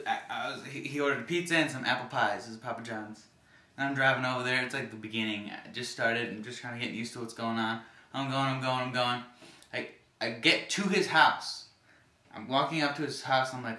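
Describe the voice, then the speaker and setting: A man casually telling stories to the camera in an animated way, acting out the people he met. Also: mid-range voice, echoey room.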